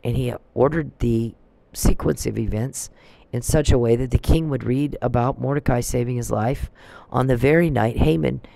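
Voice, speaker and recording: A man's voice: mid-range voice, creaky, warm tone, slight background noise, poor audio. A man delivering a preachy, emphatic religious monologue and quoting scripture.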